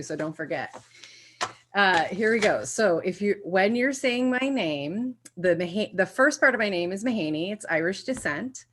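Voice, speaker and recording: A woman chairing a public meeting over a video call, making playful, teacherly announcements. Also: medium pitch. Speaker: commission chair.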